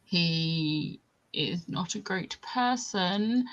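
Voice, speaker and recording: A young adult woman in a casual chat, animated and quick to launch into a rant. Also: on the low side, lo-fi sound.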